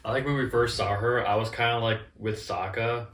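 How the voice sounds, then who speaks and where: A man chatting casually as co-host, relaxed and agreeable, with frequent "like" fillers. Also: mid-range voice, fairly quick. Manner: relaxed, agreeable, uses "like" often. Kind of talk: casual chat. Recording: echoey room, distant mic, faint noise.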